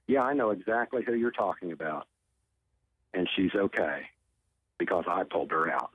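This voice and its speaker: Heard over a tinny phone line with no echo, a tornado survivor from Oklahoma appears on a talk show. His lowish voice is slightly rough as he earnestly tells a personal story, often repeating his words.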